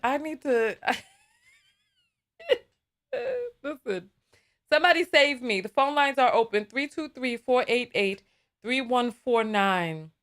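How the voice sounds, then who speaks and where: A woman hosting a live call-in talk show, laughing often and sounding exasperated. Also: on the high side.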